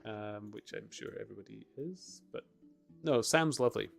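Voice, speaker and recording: A man's voice: fairly low pitch, normal speed, creaky, soft background music. A man hosting a live stream, chatting casually in a rambling way with lots of fillers and chuckles. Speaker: streamer host.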